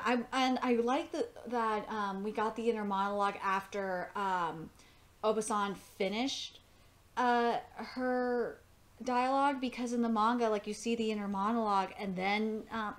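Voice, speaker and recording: Woman rambling thru an anime reaction stream, super into it, lots of ums. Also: medium pitch. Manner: rambling, enthusiastic, many fillers and restarts. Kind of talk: live reaction commentary.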